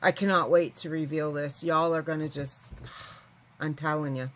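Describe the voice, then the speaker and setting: A woman's voice: low voice, steady tone, normal speed, fairly bright tone, rough recording. A woman chatting casually to her viewers, rambling and candid. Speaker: vlogger. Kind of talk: casual chat to camera.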